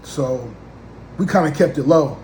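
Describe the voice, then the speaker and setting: A man in his thirties spins a casual, slangy comic story and acts out each side of the talk. His voice sits a bit high for a man. The room is echoey, with a faint hiss underneath. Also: a little slow. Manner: slangy, animated, acts out both sides of conversations.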